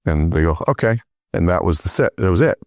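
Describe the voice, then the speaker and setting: Man, middle-aged, very deep voice, rapid delivery, animated storyteller, dry close sound. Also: dry recording. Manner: animated storyteller acting out dialogue. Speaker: guest, sales trainer. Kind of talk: storytelling in interview.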